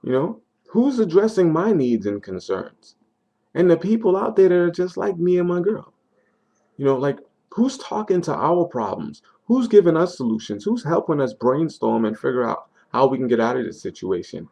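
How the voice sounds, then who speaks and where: Angry young man vlogging on a dull lo-fi webcam, gravelly and husky, a frustrated rant full of swearing. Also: a little high, very animated, moderate pace, dark tone. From United States. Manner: frustrated, swearing, repeats himself. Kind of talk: angry video diary rant.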